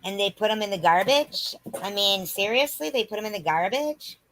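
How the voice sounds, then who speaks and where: A woman's voice: mid-range voice, lively intonation, moderate pace, a bit bright. A woman commentating on a clip, reacting with incredulous, repeated questions.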